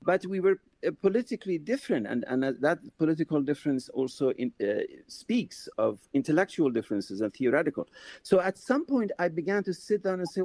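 Gravelly male guest, animated lively storytelling, dry close recording. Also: fairly high pitch, a little fast, no room sound. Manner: animated storytelling with many fillers and restarts. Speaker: author and guest. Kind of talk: reflective interview conversation.

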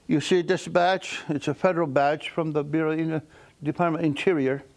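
A man's voice: fairly high pitch, steady tone, fairly quick, lightly acted. A man voicing a self-important woman government official in a story, insistent and officious.

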